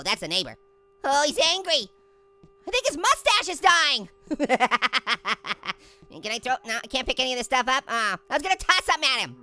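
A woman's voice: bright, forceful tone, full character voice. A woman voicing a hyper, giggly cartoon orange who rambles and jokes through a let's play commentary. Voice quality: squeaky, bouncy, silly. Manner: rambling, joking, giggling at own gags. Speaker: gameplay commentator.

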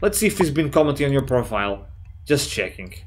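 A man giving excitable, jokey let's play commentary, swearing often and reading chat messages aloud in playful voices. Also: mid-range voice, quick pace, slight background noise. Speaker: gaming YouTuber.

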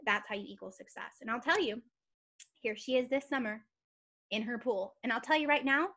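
A woman in her thirties giving an energetic, emphatic motivational talk to her team on a training call, telling a personal story. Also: fairly high pitch, brisk. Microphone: call or webinar mic.

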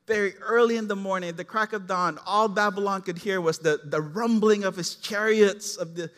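A male pastor preaches a sermon in a vivid storytelling manner. His voice sits high for a man and he acts out each character as he goes. Long reverb from a large church hall hangs behind his words. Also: steady tone, normal speed, hardly any pauses, fairly bright tone.

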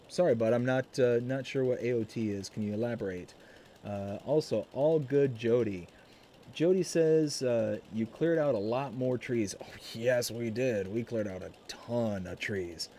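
A young man hosting a live stream, excitedly telling a family story and reading chat, with many fillers and restarts. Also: mid-range voice, slight background noise. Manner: reads chat messages aloud.

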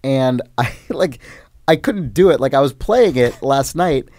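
A man's voice: mid-range voice, animated, measured pace, darkish tone, dry recording. A man on a podcast, telling a long, rambling story about a video game in casual chat, often swearing and getting worked up. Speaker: podcast host.

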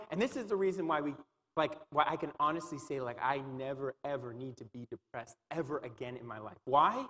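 A man's voice: a little high, a little fast, a bit bright. A man preaching a sermon in church, earnest and repetitive, leaning on "you know" between phrases. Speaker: pastor. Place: large church hall. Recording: long hall reverb.

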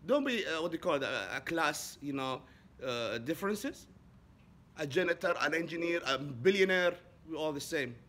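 Speaking English at an ordinary pace, a Saudi vlogger whose first language is Arabic relates a laid-back story. Whenever excitement hits, his pitch shoots upward.

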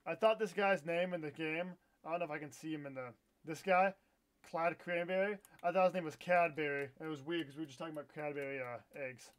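A man's voice: on the high side, steady tone, a little fast. A young man streaming a live game with viewers, chatting, swearing and bursting into frustrated outbursts. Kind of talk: live gameplay stream commentary.

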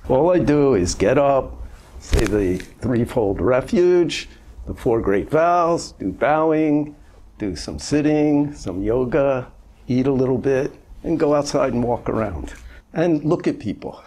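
A man in his seventies, a Zen master giving an informal, gently humorous dharma talk in a conversational storytelling manner. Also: mid-range voice, lively intonation, slow pace, a little hiss or hum. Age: 70s.

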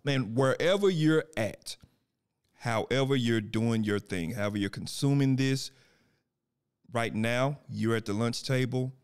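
A man hosting a casual podcast, animated and rambling, laughing as he talks. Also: medium pitch, a little slow, clean tone. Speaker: podcast host.

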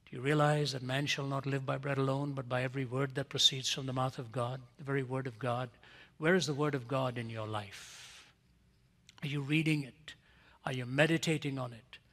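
A man preaching a storytelling sermon, swinging from hushed, intimate lines to loud, emphatic ones. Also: medium pitch. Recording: long reverb of a large hall.

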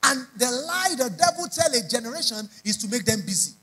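A man's voice: extremely high pitch, sing-song, fairly quick, sharp tone, slightly rough, rough recording. A man preaching a sermon, emphatic and repeating lines in rising prayer chants. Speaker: pastor.

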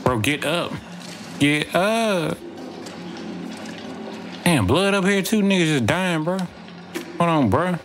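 A man's voice: a little high, expressive, slow, pauses often, noisy background. A man casually commenting on his own gameplay, rambling and joking and saying bro constantly. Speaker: gaming streamer. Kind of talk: let's play commentary. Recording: game audio playing under voice.

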